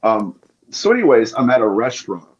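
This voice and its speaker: A man's voice: medium pitch, big pitch swings, fairly quick. A man guest on a podcast interview, telling his experiences with passion. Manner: passionate storytelling. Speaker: guest demonologist. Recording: dull lo-fi audio.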